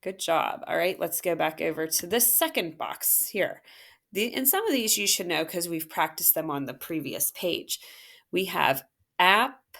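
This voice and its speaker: A woman's voice: on the low side, expressive, gravelly, fairly bright tone. A woman teacher working through a phonics worksheet, patiently sounding out syllables and praising the listener. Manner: patient, encouraging, sounds out words slowly. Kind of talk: phonics lesson walkthrough.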